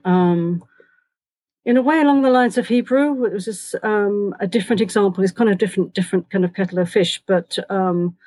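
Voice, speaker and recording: A woman's voice: mid-range voice, brisk, a little mellow, no echo. A woman researcher talking casually as an interview guest, with many hesitations.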